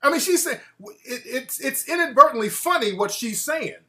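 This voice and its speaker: A man hosting a talk show, ranting in an animated, mocking way and putting on voices to quote people. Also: very high voice, moderate pace. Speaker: show host. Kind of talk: casual talk-show rant.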